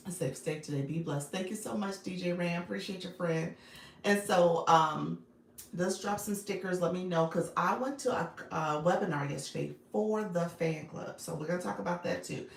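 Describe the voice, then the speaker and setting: A woman with a fairly low voice and vocal fry hosts a casual live stream from her phone at a moderate pace, in a reverberant space. A business coach, she chats with viewers, greets them by name and laughs often.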